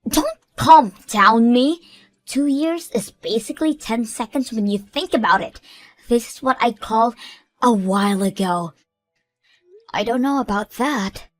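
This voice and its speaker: A woman's voice: on the high side, dry recording, close to an everyday voice. A woman voicing a furious jealous friend. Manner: shouting, accusatory. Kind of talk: animated story voice acting.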